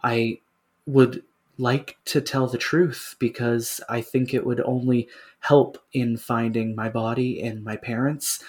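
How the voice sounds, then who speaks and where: A man playing a character in a tabletop game, earnest and a bit halting as he speaks in character. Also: mid-range voice, flat delivery, a little mellow, husky. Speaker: player.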